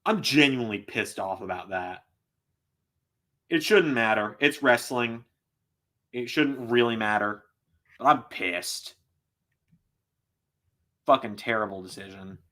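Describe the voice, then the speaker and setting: A man hosting a live reaction stream, talking casually to viewers, often exasperated and swearing loudly at what he watches. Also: medium pitch, lively intonation, slow pace, pauses often. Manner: swearing, exasperated, loud outbursts. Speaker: host reacting live to wrestling.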